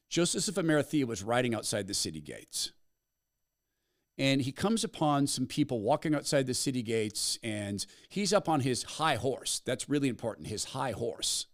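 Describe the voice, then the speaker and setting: A man hosting a commentary podcast, retelling a story with a dramatic, storytelling delivery. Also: mid-range voice. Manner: storytelling, dramatic pauses, animated. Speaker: podcast host. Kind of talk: commentary monologue.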